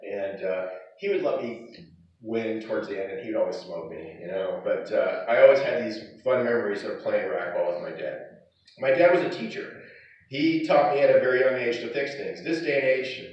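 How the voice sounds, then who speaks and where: Man's eulogy in an echoey hall. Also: lowish voice. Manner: fond storytelling broken by chuckles. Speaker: son giving a eulogy. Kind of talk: eulogy with personal anecdotes. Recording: echoey hall, distant, dull.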